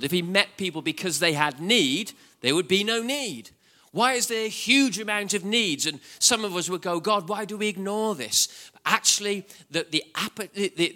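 Impassioned preacher, bright voice. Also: male voice. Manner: impassioned, swings from loud shouting to hushed low tones; animated, repeats words when excited. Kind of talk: sermon.

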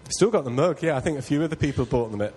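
Rapid-fire and mid-range, a male preacher shares a personal story during a sermon, earnest and poking fun at himself until he reaches loud excitement. The recording is rough, with slight background noise.

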